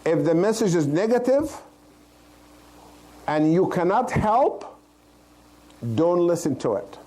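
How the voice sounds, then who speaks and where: A man's voice: high voice, big pitch swings, takes it slowly, mellow, poor audio. A man, a cardiologist, giving an informal health lecture to a live audience, plain-spoken and checking in with listeners as he goes. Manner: plain-spoken, loose grammar.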